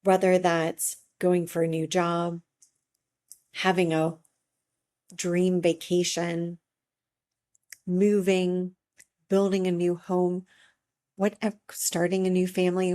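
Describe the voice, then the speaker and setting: Middle-aged woman coach, unhurried encouraging delivery, low mellow voice. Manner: slow, gentle and encouraging, with long pauses. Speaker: life coach. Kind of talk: reflective motivational talk.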